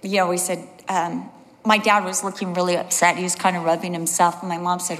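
A middle-aged woman Bible teacher gives a sermon, telling personal stories and acting out quotes. She talks fast in a medium-pitched, slightly bright voice, with long hall reverb on the recording.

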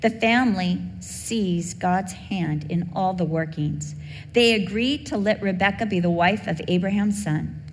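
A woman's voice: medium pitch, unhurried. Middle-aged woman preaching in a reverberant hall. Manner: earnest, heartfelt storytelling. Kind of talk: sermon with personal story. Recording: long hall reverb, faint background hum.

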